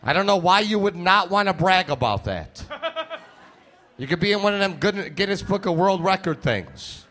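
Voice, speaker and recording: A brash man doing stand-up comedy, crude and playful as he works the crowd. His voice is bright and forceful and sits a little high for a man. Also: animated, normal speed.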